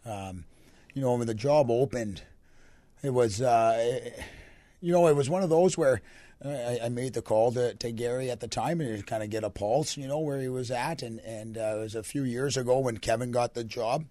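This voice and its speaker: A young Canadian man, a hockey coach with a deep, raspy voice, answering radio interview questions in a relaxed, rambling way. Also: moderate pace, no room sound. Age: young adult. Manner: relaxed, rambling answers with many fillers and restarts.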